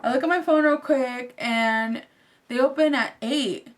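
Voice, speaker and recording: A woman's voice: sits high, a little slow. Chatty young woman telling a story. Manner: chatty and animated, fills speech with "like". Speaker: fashion vlogger. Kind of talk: casual storytelling vlog.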